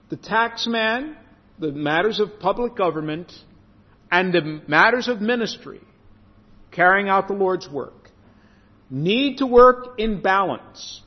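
A pastor preaching in a church, his pitch swinging up and down and his delivery animated. His voice is a touch higher than most men's. It rings out with a long hall reverb, and the sound is slightly dull and lo-fi. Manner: preaches with lively rises, slows for scripture. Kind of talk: sermon.

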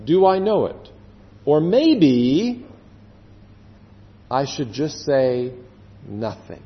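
A male pastor preaches in a slightly high, very lively voice, leaning on slow, drawn-out words and then falling quiet. The sound is dull and carries a long hall reverb. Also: slight background noise. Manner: earnest, with slow drawn-out emphasis and sudden drops to quiet. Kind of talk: sermon.

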